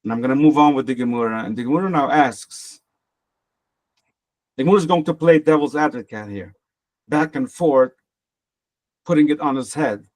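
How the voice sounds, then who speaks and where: A man's voice: mid-range voice, normal speed, pauses often. A man teaching a Talmud lesson in casual style, translating the text phrase by phrase and explaining with examples. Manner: translates phrase by phrase, repeats words, explains with parables.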